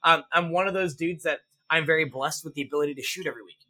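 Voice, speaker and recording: A man with a bright, slightly high voice tells stories in a loose podcast chat. He swears freely and jumps into loud, mocking impressions of range instructors. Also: fast, slight background noise. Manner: animated storyteller, swears freely, acts out shouting instructors. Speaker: podcast guest. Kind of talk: casual interview chat.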